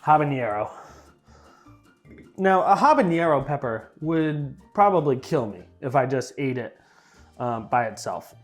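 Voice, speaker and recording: With faint music behind him, a young food reviewer speaks in a mid-range, expressive voice at a measured pace, pausing often. He casually jokes through his sauce reviews, trailing off into fillers and playfully repeating and mispronouncing words.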